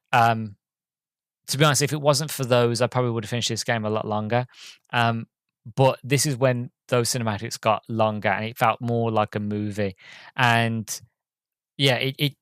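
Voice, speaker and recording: A man's voice: medium pitch, fairly bright tone, no room sound. A man hosting a podcast, giving a casual solo game review in a rambling, enthusiastic way with lots of ums and restarts. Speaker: podcast host.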